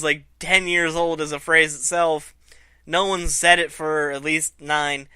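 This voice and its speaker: A man casually reviewing a wrestling show, swearing freely and retelling the action with animated energy. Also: on the high side, slow pace, pauses often, clean tone, no room sound. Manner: profane, animated storytelling. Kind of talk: casual commentary.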